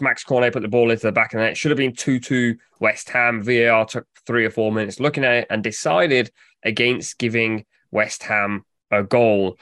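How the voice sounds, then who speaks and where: A man hosting a casual football podcast, steady and presenting, moving the chat along. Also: medium pitch, no room sound, studio quality. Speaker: podcast host.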